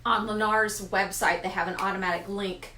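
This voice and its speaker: A woman's voice: medium pitch, fairly even intonation, moderate pace, sharp tone, slight background noise. A woman with a mid-range voice chats about her realtor work, agreeable and easygoing, with plenty of fillers. She is recorded in an echoey room. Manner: chatty, agreeable, trails into fillers. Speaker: realtor co-host. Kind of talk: casual chat on camera.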